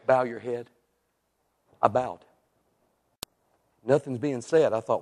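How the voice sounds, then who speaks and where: Animated evangelist in a reverberant hall. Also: male voice, mid-range voice, normal speed, long pauses. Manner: animated, acts out the people in his story. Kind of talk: storytelling sermon. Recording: long reverb in a large hall.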